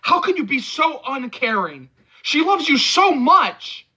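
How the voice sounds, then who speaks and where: A man doing a young male friend, yelling and scolding, high voice, bright edge, wide swings in pitch. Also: sing-song, unhurried, full character voice. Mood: exasperated.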